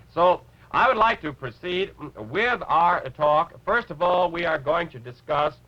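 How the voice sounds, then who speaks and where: A man voicing a bumbling male rabbit puppet who gives a lecture, halting and clearing his throat. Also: a little high, animated, dull audio. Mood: flustered. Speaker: puppet character on a TV show.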